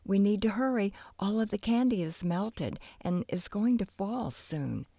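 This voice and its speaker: A woman voicing an exasperated, bossy young girl in a children's storybook, shrill and impatient. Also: lively intonation, unhurried, gravelly, mellow, no echo. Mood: urgent.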